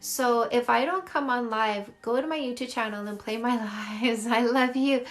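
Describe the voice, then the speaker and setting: A middle-aged Canadian woman, a dating coach hosting a live stream on her phone, chatting casually and gushing over viewer comments. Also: fairly high pitch. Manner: effusive, gushing, quick and chatty.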